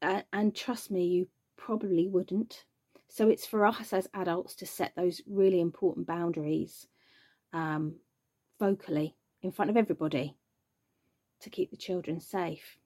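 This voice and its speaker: A woman's voice: fairly low pitch, fairly even intonation, measured pace, darkish tone. A woman, a mother speaking earnestly and emphatically from her own experience. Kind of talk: personal testimony.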